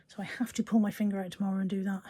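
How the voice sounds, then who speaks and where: A woman's voice: mid-range voice, flat delivery, racing, dark tone. A woman chatting casually to camera in her home kitchen, self-deprecating and often dropping to a near whisper. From England. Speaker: vlogger. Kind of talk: casual daily vlog chat.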